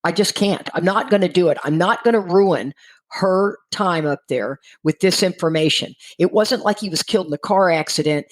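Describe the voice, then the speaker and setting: A woman's voice: fairly low pitch, moderate pace, poor audio. A middle-aged woman from Texas sharing her personal recovery story candidly, acting out the dialogue of the people in it. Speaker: guest speaker in recovery.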